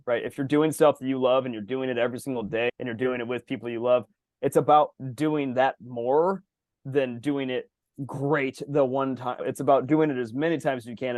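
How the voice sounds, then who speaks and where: A man co-hosting a podcast in casual chat over a video call. He gets animated, swears freely and acts out exaggerated reactions. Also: mid-range voice, a little fast, dry recording. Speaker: podcast co-host.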